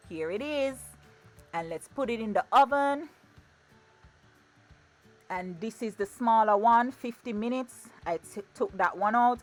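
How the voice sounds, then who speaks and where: A woman talks her viewers through a recipe in her kitchen. Her manner is chatty and playful, full of repeated phrases. Her voice sits at a middle pitch, with soft music playing faintly underneath. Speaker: cooking vlogger. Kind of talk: casual cooking demonstration. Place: home kitchen.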